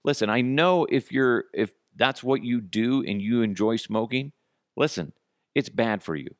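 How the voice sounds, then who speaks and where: With lively intonation and a slightly slow delivery, a man with a mid-range voice hosts a comedic podcast rant alone. Sarcastic and profane, he now and then acts out each side of an argument. Audio is dry and of studio quality.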